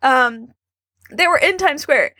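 A woman's voice: high-pitched, expressive, takes it slowly, pushed and bright, dry recording, clean studio sound. A woman from New York co-hosting a casual movie-review chat, goofy and sarcastic, laughing often. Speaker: podcast co-host.

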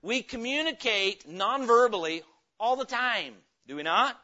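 Preaching a little slowly but with lively intonation, this male pastor has a high, bright, forward tone. He tells homespun stories in a relaxed, folksy manner, and the recording from the church sounds dull and low-fidelity.

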